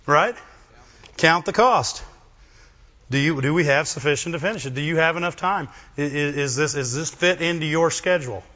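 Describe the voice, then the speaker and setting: A man preaching an animated sermon in a bright, forceful voice, keeps checking in with the crowd with quick questions. Slightly high for a man. The recording is dull and lo-fi. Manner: animated, asks the congregation questions.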